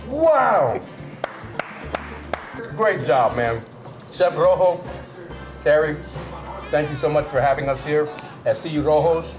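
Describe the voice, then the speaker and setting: High-voiced, exuberant male food host. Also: measured pace, long pauses, over music, a crowd in the background. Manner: exuberant, exclamatory, slangy. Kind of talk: enthusiastic food tasting commentary.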